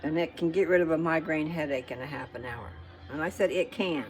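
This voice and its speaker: A woman's voice: deep voice, fairly even intonation, brisk, rough recording. A woman vlogger in her kitchen, talking casually and folksily to her viewers and often checking in with "okay?".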